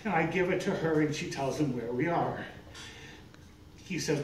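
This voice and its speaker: Older male storyteller, lively and self-mocking, noisy distant live recording. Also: fairly high pitch, normal speed. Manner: animated, self-mocking, acts out voices. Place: live event venue on stage. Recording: echoey room, distant, noisy.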